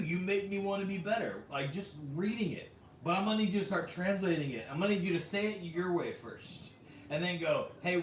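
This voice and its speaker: A man's voice: high-pitched, far from the mic. Casual vlog host, American male, talkative with frequent laughs, faint room hum behind. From United States. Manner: chatty, laughs often, fillers like "like" and "bro". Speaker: vlog host reading viewer comments. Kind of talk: casual livestream chat. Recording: roomy echo, a bit off mic, faint background hum.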